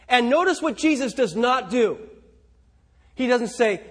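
A man preaching a sermon, emphatic, with rhetorical questions and swings between loud and soft delivery. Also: extremely high pitch, animated, measured pace.

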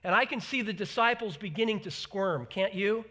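A man preaching a sermon in an animated way, acting out the voices he quotes and repeating words for emphasis. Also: high voice, moderate pace. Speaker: pastor.

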